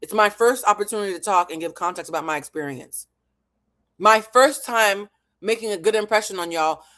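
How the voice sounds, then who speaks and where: A woman's voice: mid-range voice, a little fast, bright, forceful tone. A woman hosts a live stream and picks apart what she has watched. She talks in an analytical, emphatic way and swears freely as she makes her case. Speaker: host.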